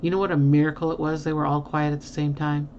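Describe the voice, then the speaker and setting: A woman's voice: sits low, little pitch movement, fast talker, darkish tone, dull audio, a little hiss or hum. A woman chatting casually with viewers on a livestream, rambling with many fillers, teasing and laughing often. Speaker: livestream host. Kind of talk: casual chat answering viewer comments.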